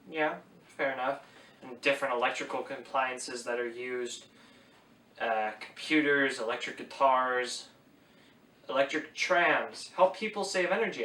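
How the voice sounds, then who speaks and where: A man's voice: fairly high pitch, pushed and bright. A man giving a casual book review, chatty and opinionated, with wry asides. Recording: echoey room, voice a bit distant from the mic.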